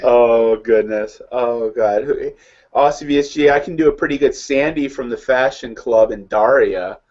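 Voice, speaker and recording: A man's voice: medium pitch, moderate pace, darkish tone, dull audio. A man with a Midwestern accent, co-hosting a casual chat in a rambling, easygoing way. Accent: American Midwest. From American Midwest. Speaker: co-host.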